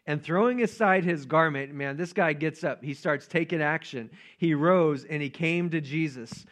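A man's voice: a little high, moderate pace, a bit bright. A man preaching a casual, joking sermon and acting out the voices of Bible figures. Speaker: pastor.

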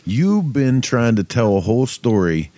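A laid-back man hosting a relaxed conversation, easygoing and quick to laugh along. His pitch moves in a lively way. The sound is dry and close, with no room echo. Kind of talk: casual chat.

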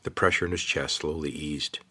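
A man reading a children's adventure novel aloud in steady, measured audiobook narration. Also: extremely low pitch.

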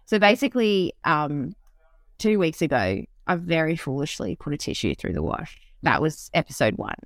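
Lively laughing woman. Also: deep voice, normal speed, dry recording, clean studio sound. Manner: laughs often, animated storytelling. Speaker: podcast co-host. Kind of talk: casual chat.

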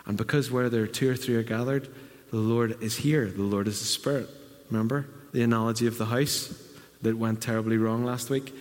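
A man's voice: medium pitch, fairly even intonation, fairly quick. A middle-aged man preaching a conversational sermon in a church, now and then acting out quotes in a raised voice. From Northern Ireland. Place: church hall. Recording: reverberant church hall.

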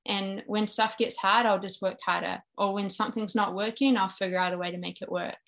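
As an interview guest, a thirtyish woman with a New Zealand accent earnestly recounts her personal journey of faith in conversation. She's from New Zealand; her medium-pitched voice is gravelly and a bit bright, fairly even in intonation and a little fast.

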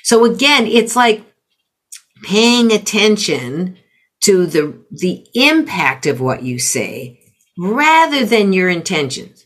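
Slow, measured woman coaching parents. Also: mid-range voice, big pitch swings, a bit bright. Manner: measured, explains with example phrases. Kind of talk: conversational teaching.

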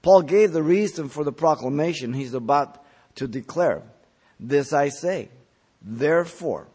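A man's voice: fairly high pitch, expressive, unhurried, mellow, slightly rough. Emphatic man preaching a Bible sermon. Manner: emphatic, rises sharply on key words then drops; teaching, verse-by-verse explanation with asides. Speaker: pastor. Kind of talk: expository sermon.

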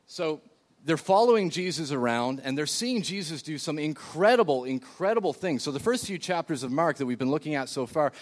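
A man's voice: a little high, lively intonation, brisk. A man preaching a sermon in a church, talking in a loose, conversational way with frequent fillers and restarts while seated. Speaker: pastor.

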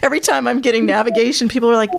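A woman's voice: a little high, fairly even intonation, very fast, creaky. A woman in her thirties hosting a casual interview, chatty and laughing often. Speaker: host.

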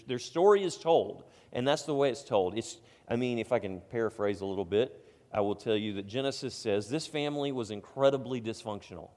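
A middle-aged man giving a conversational sermon as pastor, with stammered restarts, soft asides and sudden loud emphatic stretches. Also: fairly low pitch. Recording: long hall reverb.

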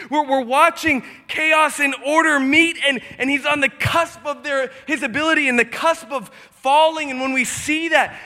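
A man preaching a sermon in church, energetic and animated, breaking into shouts, and out of breath. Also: very high-pitched. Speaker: pastor. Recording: echoey church hall.

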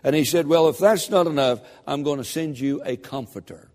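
A man preaching a sermon, fervent and building to shouted emphasis. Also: a little high, fairly quick, long reverb tail.

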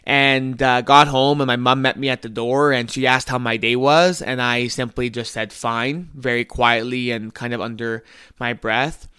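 A man's voice: medium pitch, flat delivery, moderate pace, pushed and bright, smooth, no room sound, studio quality. A young man hosting a podcast, telling a personal story in an earnest, reflective way with small restarts. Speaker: podcast host.

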